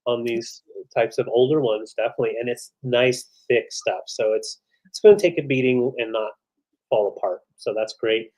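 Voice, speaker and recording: A man co-hosting a live vintage sale, relaxed and enthusiastic as he describes each piece. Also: mid-range voice, moderate pace. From western United States. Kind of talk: live selling chat.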